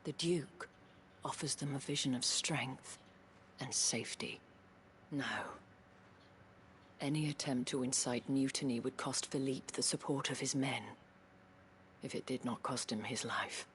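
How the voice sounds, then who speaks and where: An actress playing a worried, articulate noblewoman who speaks formally, sometimes in a hushed voice. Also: a bass voice, fairly even intonation, unhurried, pauses often, slight background noise. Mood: troubled. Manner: formal, eloquent speech, at times hushed.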